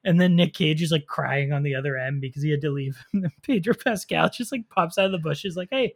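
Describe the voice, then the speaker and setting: A man co-hosting a casual movie podcast, telling scenes with animated energy and quick laughs. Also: on the high side, creaky. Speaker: podcast co-host. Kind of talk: casual movie review chat.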